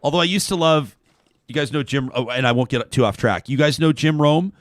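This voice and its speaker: A man's voice: on the high side, fairly quick, no room sound, clean studio sound. A man hosting a talk show, chatting casually and reading out a listener's email. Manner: animated, reads quotes in a raised voice.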